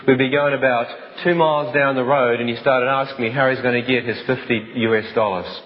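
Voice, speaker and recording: A man's voice: mid-range voice, fairly even intonation, brisk. A man giving a personal testimony as a dramatic story, intense and vivid, with some restarts. The sound is dull, with a long hall reverb.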